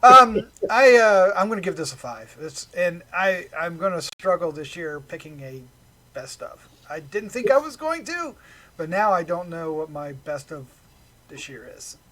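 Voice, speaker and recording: Bright-voiced, excitable male podcast host. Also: moderate pace, low-quality recording. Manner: excitable, trailing off into low mutters. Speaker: podcast host and film reviewer. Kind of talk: casual podcast review.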